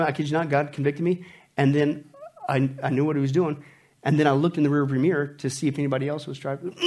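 Animated husky-voiced male preacher. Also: a little high. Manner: animated, swings from loud to hushed, jokes. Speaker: pastor. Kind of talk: sermon.

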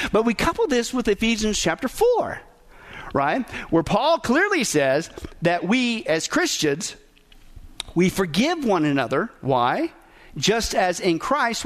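A man's voice: high voice, a bit bright. A man preaching a sermon as pastor, emphatic, asking the congregation rhetorical questions.

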